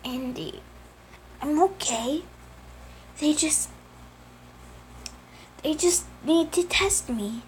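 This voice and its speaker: A wounded young dinosaur brother in a storybook tale, speaking quietly and faintly as a woman puts him on. His voice sits high and slow over a faint hiss. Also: animated, heavily acted. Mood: weak.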